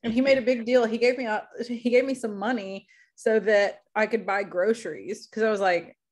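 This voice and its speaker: A woman's voice: a little high, fairly even intonation, normal speed, darkish tone. A woman teacher chatting casually with her class over a video call, laughing easily. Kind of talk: casual online class chat.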